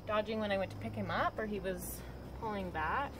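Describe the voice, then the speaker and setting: A woman dog trainer calmly explaining, step by step, how she trains a dog. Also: brisk, background noise. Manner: calm, practical explaining with frequent high-pitched praise to the dog.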